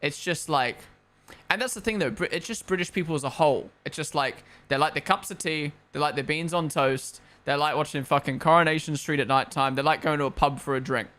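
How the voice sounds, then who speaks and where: A man's voice: on the high side, brisk, bright, forceful tone. A young man from Australia and New Zealand, chatting casually on a live stream into a headset, rambling and opinionated, swearing freely. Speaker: streamer hosting a race watchalong. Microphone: gaming headset.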